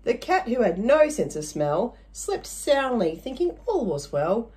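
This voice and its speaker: A woman's voice: fairly high pitch, very animated, a little slow, warm tone, a little hiss or hum, poor audio. A woman reading a rhyming children's story aloud, playful, with little asides to the listener.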